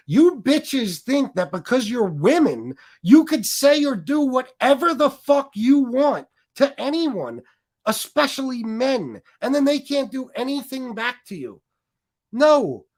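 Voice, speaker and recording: A man hosting a livestream, ranting combatively and swearing heavily as he taunts his critics. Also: high voice. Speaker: livestream host. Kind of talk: profane livestream rant.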